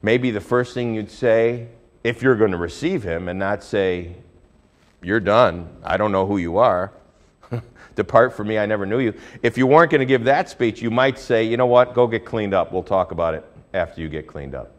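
A male pastor preaching a sermon, telling a Bible story with lively swings between hushed and loud delivery. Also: fairly low pitch, normal speed.

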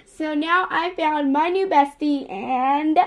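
A young woman filming a casual unboxing vlog, gushing and excitable, piling up "literally" and "so excited". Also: high-pitched, slow pace. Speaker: vlogger.

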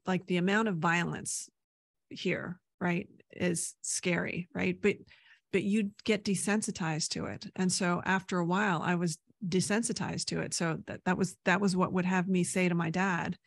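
A woman's voice: lowish voice, fairly even intonation, a little slow, gravelly, dry recording, clean studio sound. A woman who grew up in Canada, a podcast guest telling rambling stories in casual chat, often tagging her sentences with "right?". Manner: rambling storyteller, many "right?" tags.

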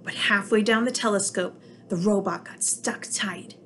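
A preschool teacher reads a picture book aloud to young children, telling the story with plenty of expression. Her voice sits at a middle pitch. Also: moderate pace, fairly bright tone, slight background noise.

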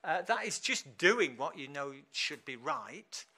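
Chatty man, lay preacher in church, lively pitch, ringing bright tone. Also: unhurried, breathy edge. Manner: chatty and animated, laughs often. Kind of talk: informal sermon.

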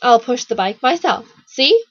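A young girl who pleads and coaxes, read by a woman from a storybook. The voice is husky and breathy, heard close and dry on a dull recording. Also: a little high, sing-song, measured pace, dry recording, pitched above the performer's own voice, full character voice. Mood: coaxing. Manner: pleading, coaxing.

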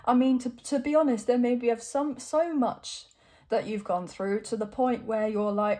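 Soft-toned woman giving an encouraging tarot reading. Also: fairly high pitch, steady tone, moderate pace. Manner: warm, encouraging, emotional, gets choked up. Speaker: tarot reader.

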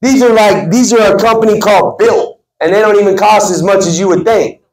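High-pitched and a little mellow, a man speaks fairly quickly in an echoey meeting room. He is motivating a sales team, stressing words with an emphatic, preacherly rhythm.

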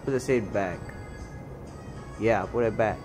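A man's voice: lowish voice, measured pace, a little mellow, faint music behind. A store cashier, a man, narrating security footage with heated, indignant commentary and name-calling. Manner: indignant, heated, calls people names. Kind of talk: angry commentary over video.

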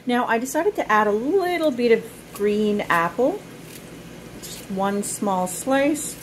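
A woman's voice: on the high side, lively intonation, slow. Woman chatting thru her home cooking vlog, eats on cam, talks w her mouth full, bit of faint kitchen hum. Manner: chatty, self-praising, eats on camera while talking. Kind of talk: casual cooking and eating vlog.

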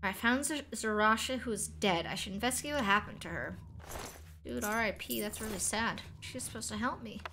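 A woman's voice: mid-range voice, fairly quick, pushed and bright, slight background noise. A young woman from North America chatting casually while streaming a game, rambling with restarts and frequent giggles. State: voice cracking. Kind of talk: casual gameplay commentary.

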